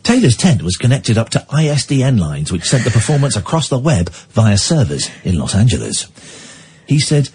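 A man's voice: medium pitch, very animated, fairly quick, hardly any pauses, a little mellow, slight background noise. A man hosting a radio phone-in, rambling and chatty, reading news items aloud with asides. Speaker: radio show host. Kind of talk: casual talk radio with listener calls.

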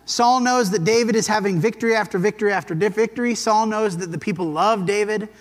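A man teaching a Bible lesson in a relaxed, conversational way, telling the story and briefly acting out the quotes. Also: sits high, fast talker, long reverb tail.

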